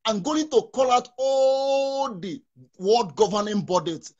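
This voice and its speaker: Husky man on a remote call. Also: very high voice, slow, a little mellow, highs cut off. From Nigeria. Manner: fervent, repeats words, restarts often. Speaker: guest. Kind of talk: impassioned talk show discussion. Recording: interrupted remote call connection.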